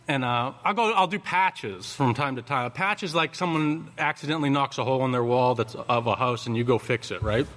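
A man's voice: mid-range voice, a little fast, hardly any pauses, fairly bright tone. A man telling a casual, rambling anecdote, full of fillers and restarts. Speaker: storyteller. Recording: long hall reverb.

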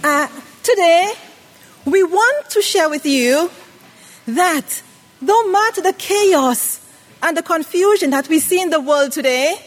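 Speaking slowly in a very high voice with lively intonation, a woman delivers a sermon in a worship hall with a reverberant sound. She engages the congregation in call-and-response, calling out questions for them to answer.

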